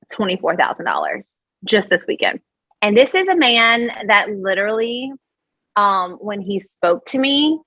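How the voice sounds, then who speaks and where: A woman from Louisiana with a Cajun accent, a podcast guest telling a story in an animated, rambling way. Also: medium pitch, dry recording, rough recording. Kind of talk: casual storytelling chat.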